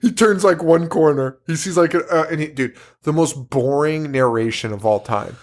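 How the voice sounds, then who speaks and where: A man's voice: on the high side, normal speed. A man co-hosting a horror movie podcast, chatting casually with lots of swearing and laughter. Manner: animated, profane, laughs a lot. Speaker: podcast co-host. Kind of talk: casual movie-review chat.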